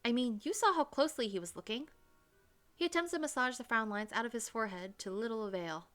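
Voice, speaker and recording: A woman's voice: a little high, fast, fairly bright tone, soft background music, lightly acted. A woman narrating as a brash young American spy. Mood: defensive. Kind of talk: first-person narration of a visual novel.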